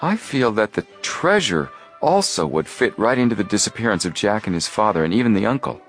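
A man's voice: lowish voice, sing-song, brisk, fairly bright tone, faint music behind, voice pushed up. A man doing an eager teenage boy detective. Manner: eager and questioning.

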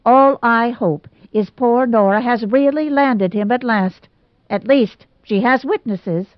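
A woman's voice: on the high side, slow, no echo, voice pushed up. A woman reading as a blunt, meddling old aunt. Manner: belligerent, blunt. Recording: dull lo-fi recording.

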